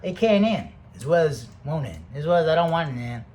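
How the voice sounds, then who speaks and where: Guy ranting to camera, swearing a lot, voice a bit high and bouncing all over, goes loud then mutters. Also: very animated, a little fast, a little hiss or hum. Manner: profane and rambling, swinging between loud outbursts and soft mutters. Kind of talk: rambling casual monologue.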